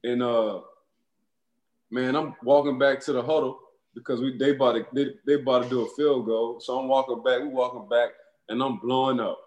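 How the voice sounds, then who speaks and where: Animated male storyteller in an echoey room. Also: medium pitch, normal speed. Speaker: former football player, podcast guest. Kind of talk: casual storytelling chat.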